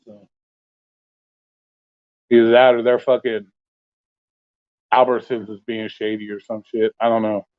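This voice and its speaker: A man's voice: on the low side, little pitch movement, unhurried, long pauses, dry recording. Blunt, swearing man on a tinny line. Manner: blunt, swears constantly, rants. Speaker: host of an open forum talk stream. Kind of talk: casual profane chat. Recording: dry, phone-like audio.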